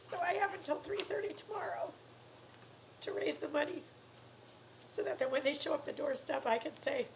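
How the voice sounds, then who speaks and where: Emotional high-voiced woman pleading, gravelly edge. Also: animated, normal speed, pauses often, background noise. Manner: earnest, pleading, drops to soft whispery words. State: emotional, close to tears. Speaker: YouTuber asking for donations. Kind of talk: emotional personal appeal to viewers.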